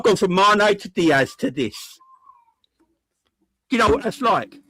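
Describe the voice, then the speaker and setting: A man's voice: fairly high pitch, moderate pace, dry recording. A man, ranting jokily and heatedly as a football fan pundit on a match reaction show. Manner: animated, exasperated, jokey rants.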